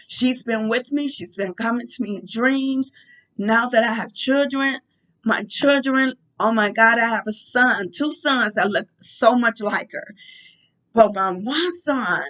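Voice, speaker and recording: A woman with a fairly high voice talks softly in a heartfelt personal monologue. She speaks haltingly, pausing and restarting as she gathers her thoughts. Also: poor audio. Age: adult. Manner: halting, soft-spoken, with frequent pauses and restarts; emotional and heartfelt. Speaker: vlogger.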